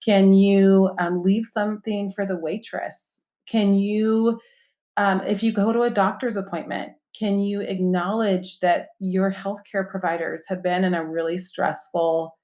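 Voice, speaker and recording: A woman's voice: mid-range voice, flat delivery, measured pace, dark tone. A woman guest on a podcast, chatting casually and listing practical tips with lots of "um" and "you know". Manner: practical, upbeat, listing tips with many fillers. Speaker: guest author.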